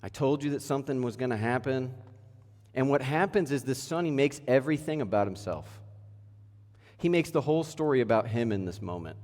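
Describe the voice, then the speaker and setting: A man's voice: medium pitch, a little mellow. A man in his thirties preaching a sermon in a church, casual and conversational, full of rhetorical questions. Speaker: pastor. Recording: echoey church hall.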